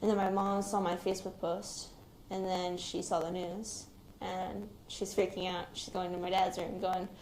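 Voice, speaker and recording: A young woman, an active military member, recounts surviving a shooting in a hesitant, reflective, quiet-spoken way. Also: on the low side, level tone, moderate pace, hardly any pauses. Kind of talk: recounting a personal experience in an interview. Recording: roomy recording with faint background noise.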